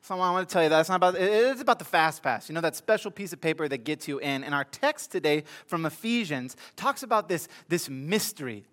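A man's voice: sits high, fairly bright tone. A middle-aged man preaching a sermon, telling a funny story with comic asides to his congregation before reading scripture. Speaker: pastor.

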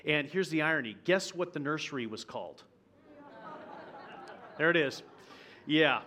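A guest pastor telling a personal story in a sermon, conversational and vivid, acting out the quotes. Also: male voice, on the high side, animated, unhurried, pushed and bright, a faint crowd. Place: church auditorium.

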